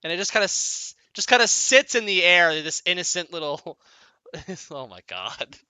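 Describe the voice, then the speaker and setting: A man's voice: sits high, big pitch swings, normal speed, bright, forceful tone, clean tone, no echo. A young man narrating casually as dungeon master, who laughs often and trails off and restarts his sentences. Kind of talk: casual tabletop game narration.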